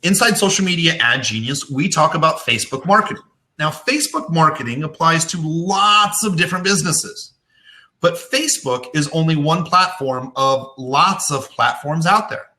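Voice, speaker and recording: Middle-aged male coach, bright and slightly high voice, animated storyteller. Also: normal speed. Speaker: business coach hosting a live web show. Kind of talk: casual teaching talk with anecdotes.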